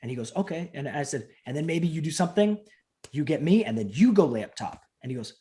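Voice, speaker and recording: Animated storytelling wrestler, man. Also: quick pace. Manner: animated storyteller acting out quotes with big pitch jumps. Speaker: professional wrestler and trainer, guest. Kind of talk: casual interview chat. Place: home.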